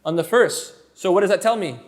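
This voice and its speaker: Animated high-voiced man teaching Spanish. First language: French. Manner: animated, quick, with playful asides and repeated words. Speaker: Spanish tutor. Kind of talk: energetic one-on-one language lesson.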